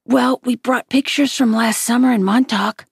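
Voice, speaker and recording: A woman doing a protective, calm father. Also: on the high side, normal speed, creaky, husky, no echo, clean studio sound, voice pushed up, exaggerated voice. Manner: reassuring, calm.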